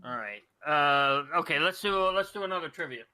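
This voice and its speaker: Bright-voiced rambling male radio host. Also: a little high, animated, moderate pace, clean tone, low-quality recording. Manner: rambling, profane, with many restarts and fillers. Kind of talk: casual crude talk radio banter.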